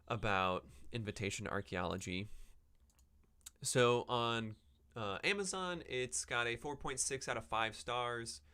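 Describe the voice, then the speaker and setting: A man hosts a book-review podcast, chatting loosely with no script and wandering between thoughts. His voice sits a little low yet sounds bright and forward, clean and smooth throughout, though he rambles with many ums and self-corrections.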